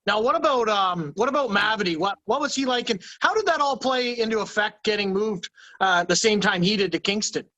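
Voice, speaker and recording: A man's voice: high voice, expressive, fairly quick, bright, forceful tone, poor audio. A man hosting a podcast, asking easygoing questions that trail off. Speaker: podcast host. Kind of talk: casual interview.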